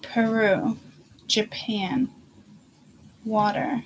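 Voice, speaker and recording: A woman hosting her own psychic channel, talking casually and thinking aloud in slow, halting bits that trail off mid-thought. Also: fairly high pitch, rough recording. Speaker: self-styled psychic channel host. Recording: clear background noise.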